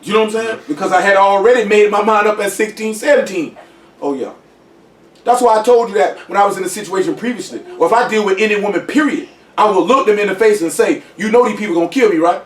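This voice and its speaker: A high-voiced man speaks quickly in a casual group conversation, pressing his points and repeatedly asking "you know what I'm saying" to check he's understood. The room is echoey and he sounds far from the mic.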